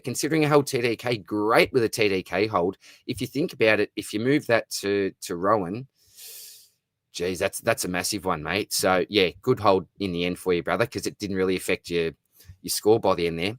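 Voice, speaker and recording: Reading out viewer comments on his fantasy football livestream, an Australian-accented host answers cheerfully and chummily, addressing viewers as mate and brother. He talks a little fast in a lowish voice, with no echo.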